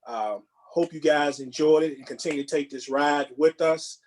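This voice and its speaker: Co-hosting a movie podcast, a man with a fairly high voice chats casually at a normal speed. He's laid-back and meandering, often repeating words and restarting his thoughts.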